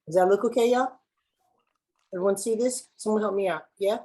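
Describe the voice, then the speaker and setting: A woman's voice: medium pitch, brisk, mellow, poor audio. A woman from Los Angeles facilitating an online workshop over a video call in a playful, slangy, chatty way. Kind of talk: lively online workshop hosting.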